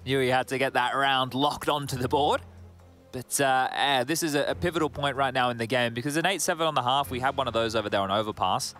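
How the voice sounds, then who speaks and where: A man's voice: mid-range voice, quick pace, a bit bright, soft background music. A man giving analytical color commentary on an esports match in a chatty, conversational way. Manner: chatty, uses fillers like "right?" and "you know".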